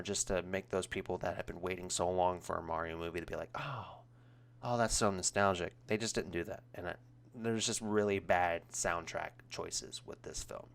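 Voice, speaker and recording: Young guy rambling thru a movie review, deep smooth voice, lots of ums. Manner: rambling, many ums and restarts, grows animated when critical. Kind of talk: casual spoken review.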